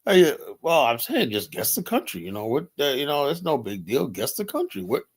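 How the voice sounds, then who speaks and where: A man's voice: mid-range voice, a little fast, husky. Profane, laughing man telling club stories. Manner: laughing, profane, animated retelling with quoted voices. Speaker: streaming show host. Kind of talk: casual storytelling monologue. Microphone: streaming setup mic.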